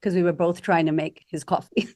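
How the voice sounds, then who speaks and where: A woman's voice: lowish voice, fairly even intonation, brisk, a little mellow, no echo, studio quality. A woman confidence coach talking animatedly as a podcast guest, acting out quoted voices. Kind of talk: podcast interview.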